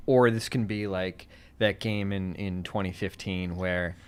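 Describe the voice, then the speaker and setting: A man's voice: deep voice, steady tone, measured pace, clean tone. A man hosting a podcast in casual chat, rambling with lots of fillers and frequent laughter. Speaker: podcast host.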